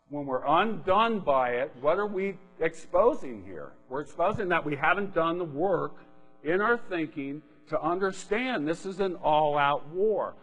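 A man's voice: on the high side, fairly bright tone. Conversational male preacher in an echoing hall. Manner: conversational, keeps asking "right?". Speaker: pastor. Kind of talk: sermon. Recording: long reverb of a hall.

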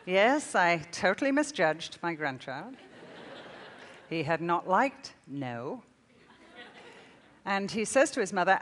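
An older woman delivers a sermon in a storytelling manner, often breaking into laughter. Her voice sits a little low. The sound carries the long reverb of a large hall. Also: lively intonation, normal speed, fairly bright tone, slight background noise. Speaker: speaker.

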